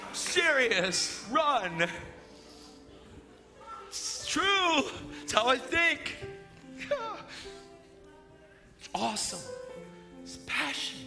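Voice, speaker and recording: A man preaching a sermon, excitable and slangy, retelling a movie with gusto and calling the church to action. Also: sits high. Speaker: guest preacher. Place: church hall with live audience. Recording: church hall reverb with music behind.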